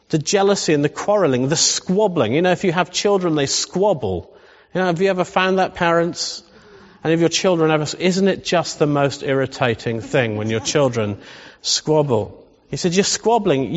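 Man preaching with humor in a hall. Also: fairly high pitch. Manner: humorous, conversational, asks the congregation questions. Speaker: pastor. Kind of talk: sermon. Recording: dull sound with long hall reverb.

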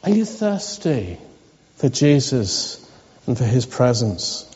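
A man preaching a sermon as pastor of a church, asking earnest, pleading questions and laughing softly now and then. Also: medium pitch, very animated, slow, husky. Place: church hall. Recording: dull lo-fi church recording with long reverb.

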